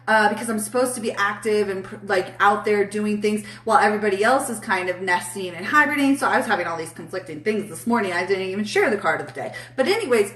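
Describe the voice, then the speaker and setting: A woman's voice: mid-range voice, a bit bright, distant mic. A woman hosting a casual live spiritual reading stream, chatty and blunt, swearing freely as she answers chat. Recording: echoey room, voice off mic.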